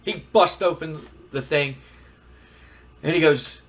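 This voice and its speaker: A man hosting a gaming video, retelling the story of his game with animated reactions. His voice sits a little high and has a husky texture. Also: slow pace, long pauses. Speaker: gaming channel host.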